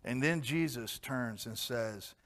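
A man preaching a sermon in a conversational way, asking his audience questions and swinging from quiet asides to emphatic points. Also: mid-range voice, takes it slowly.

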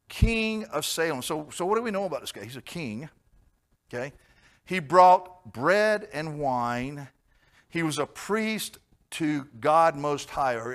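A male preacher teaching from the Bible in a loose, conversational way. He talks bluntly, drops joking asides, and leans hard on words for emphasis, all at a medium pitch. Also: fairly bright tone.

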